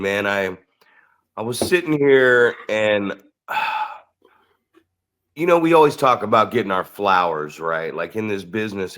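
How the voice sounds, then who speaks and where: A man's voice: on the low side, fairly bright tone. A man co-hosting a podcast, chatting casually about wrestling and his students, telling stories bluntly with plenty of swearing. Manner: blunt, profane, storytelling. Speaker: podcast co-host, wrestling trainer.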